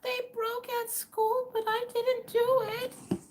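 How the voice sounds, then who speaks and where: A woman voicing a small girl who asks for help in a slow, soft, high, pleading voice. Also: flat delivery, noisy background.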